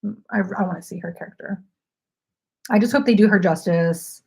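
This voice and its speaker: A woman hosts a casual knitting livestream from home, talking briskly in a mid-range, slightly mellow voice. She's rambling and chatty and says "like" a lot.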